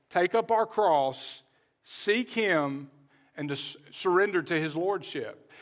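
A man's voice: sits high, bright, forceful tone. A man preaching a sermon, earnest, repeating key phrases and restarting now and then. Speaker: pastor.

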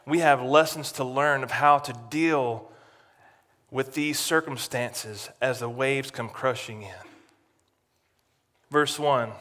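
A man preaching a sermon as pastor, dramatic, swinging from loud to near-hushed. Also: medium pitch, unhurried, big-room sound.

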